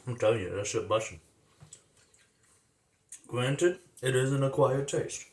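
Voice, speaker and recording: A man's voice: medium pitch, a little slow, a little mellow. A man hosting a casual cooking vlog in his home kitchen, rambling, slangy and amused at himself. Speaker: cooking vlogger. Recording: echoey room, faint noise.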